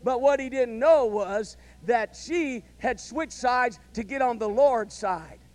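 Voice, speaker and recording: A male pastor delivering a sermon, telling a story and building to loud, emphatic calls of amen. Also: extremely high pitch, slow pace.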